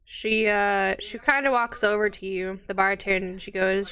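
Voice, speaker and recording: A woman narrating as game master of a tabletop game, lively and quick to voice the townsfolk. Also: mid-range voice, clear, resonant tone.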